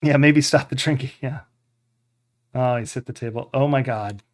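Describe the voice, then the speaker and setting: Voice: medium pitch, moderate pace. A game streamer giving casual live commentary, reading game text aloud and adding chatty asides. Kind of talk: live let's-play commentary.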